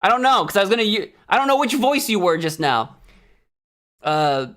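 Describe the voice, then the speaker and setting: A man's voice: high voice, big pitch swings, moderate pace, fairly bright tone. Playful man reading game dialogue aloud. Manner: playful, joking, reacts with bursts of laughter. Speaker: let's play host.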